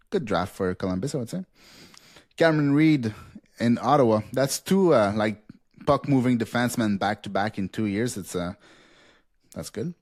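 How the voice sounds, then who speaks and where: A man's voice: mid-range voice, darkish tone, no echo, clean studio sound. Laughing man rattling off a list. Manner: rattles off picks quickly with frequent laughs and fillers. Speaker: podcast host. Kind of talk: casual chat, reading out a mock draft.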